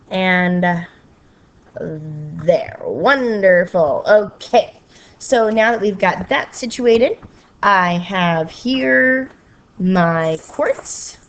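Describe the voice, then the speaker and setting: A woman teacher talks her students through a recorded math lesson at an unhurried pace. She checks in with an okay at each step and explains patiently. Now and then she slips into a playful sing-song. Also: mid-range voice, animated, muffled recording. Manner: slow, patient explaining with frequent okays.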